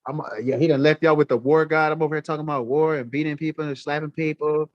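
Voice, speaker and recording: A man's voice: fairly high pitch, little pitch movement, fast talker, no echo. Blunt, profane man with dull lo-fi sound. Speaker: livestream guest. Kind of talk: casual storytelling on a live stream.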